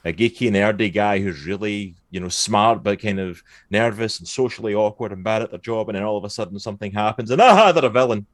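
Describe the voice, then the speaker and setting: A man in casual podcast chat, ranting with animated sarcasm about films. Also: lowish voice, brisk, few pauses, no room sound.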